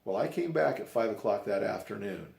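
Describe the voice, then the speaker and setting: An older man tells a story from his own life in a loose, folksy way, often restarting his sentences and acting out what people said. His voice sits low and carries a gravelly rasp. It is recorded in an echoey room. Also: animated, fairly quick, a little mellow. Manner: rambling, folksy, with restarts and acted-out quotes. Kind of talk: personal storytelling.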